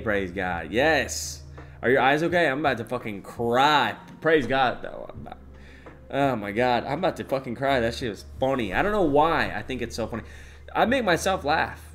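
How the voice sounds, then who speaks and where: Jokey young man streaming with faint music. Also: mid-range voice. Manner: jokey, repeats a catchphrase, swings from mumbling to loud bursts. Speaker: streamer reading chat. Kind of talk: casual live-stream chat.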